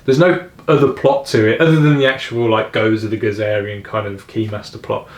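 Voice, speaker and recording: A man's voice: lowish voice, steady tone, a little fast. A young man co-hosting a casual film chat, rambling and laughing often. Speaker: podcast co-host. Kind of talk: casual chat about films. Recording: echoey room.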